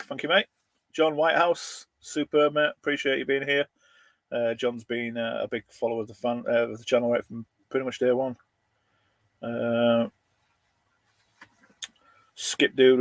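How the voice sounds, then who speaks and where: A middle-aged man chats casually on a livestream, greeting viewers one by one. His voice sits at a medium pitch, and the sound is close and dry. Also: dry recording. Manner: chatty, thanks viewers by name, laughs between lines. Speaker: livestream host reading viewer comments. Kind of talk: casual live chat. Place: his van.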